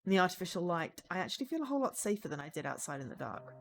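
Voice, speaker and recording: A young adult woman streaming a visual novel, reading the story aloud in an expressive, dramatic first-person voice. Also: lowish voice, very fast, gravelly, soft background music, rough recording.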